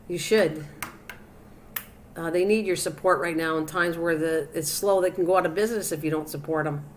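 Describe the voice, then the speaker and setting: A woman's voice: lowish voice, fairly even intonation, moderate pace, a little hiss or hum. An older woman hosting a cooking live stream, chatting casually and teasing her viewers by name. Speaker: cooking channel host.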